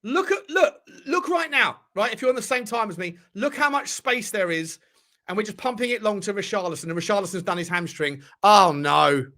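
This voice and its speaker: Guy doing a live match watchalong from his room, swears a lot, yells at the team, voice jumps all over the place. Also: high-pitched, lively intonation, normal speed. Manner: swearing, yelling at the players. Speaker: football channel host.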